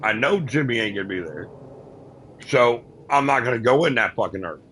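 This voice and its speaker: A man's voice: mid-range voice, a little fast, slight background noise, poor audio. A man telling a story about his workday in a casual, blunt and profane manner. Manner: profane, blunt, animated retelling. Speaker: owner driver telling a work story.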